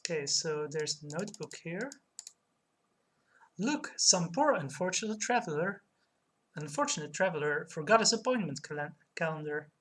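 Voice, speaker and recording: Soft-spoken woman streaming a game. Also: low voice, expressive, moderate pace, a little hiss or hum. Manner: soft, quiet, chatty with live chat. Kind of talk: casual game playthrough, reading text aloud.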